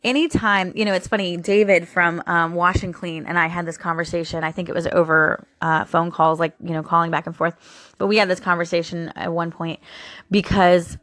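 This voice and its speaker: A woman with a fairly low voice hosts a daily encouragement show. She talks in a loose, chatty devotional way, full of fillers and heartfelt feeling. The sound is dry and close, with no room echo. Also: flat delivery, a little fast, a bit bright. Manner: chatty and openly emotional, with frequent fillers. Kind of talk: casual devotional talk.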